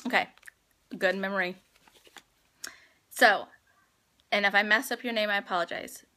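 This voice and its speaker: A woman's voice: mid-range voice, fairly even intonation, normal speed, sharp tone. A woman hosting a live phone stream, chatting heartfelt and rambling with viewers as she announces giveaway winners. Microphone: phone livestream.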